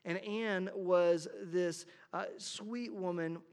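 A man with a high voice preaching to his church. He talks casually and restarts his phrases with repeated words, like a pastor chatting from the pulpit. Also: fairly even intonation, takes it slowly, smooth. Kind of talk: sermon.

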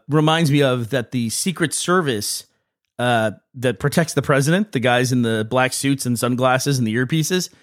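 A man from the United States with a mid-range voice hosts a podcast, recorded dry and at studio quality. It's casual chat, with him rambling through stories and chuckling often.

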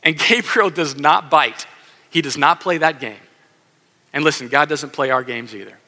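A man preaching a lively sermon, acting out the voices in his stories and calling on the kids in the room. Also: on the high side, moderate pace. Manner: animated, acts out quoted voices, addresses kids in audience. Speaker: pastor. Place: church sanctuary. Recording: long hall reverb.

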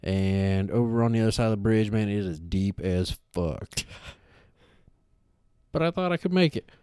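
A man spins a long, rambling story in casual podcast chat. His voice sits low and sounds smooth and resonant, recorded close and dry. He swears freely and keeps stopping to say "like". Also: moderate pace, dry recording. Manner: animated storytelling, heavy swearing, frequent fillers. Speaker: podcast co-host.

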